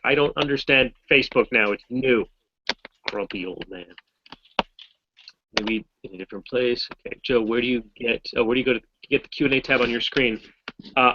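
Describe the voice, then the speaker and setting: A voice actor from Massachusetts chatting casually on a video call, rambling and correcting himself with a wry tone. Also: male voice, lowish voice, highs cut off, background noise. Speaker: voice actor guest. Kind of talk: casual chat in a video hangout.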